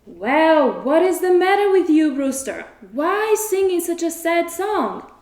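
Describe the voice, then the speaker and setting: A weary old hunting dog with a storybook lilt, as a woman puts him on. The voice sits high and swoops about, slow and mellow. The room is echoey. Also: sing-song, heavily acted. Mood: eager. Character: old male hunting dog, tired, eager to join.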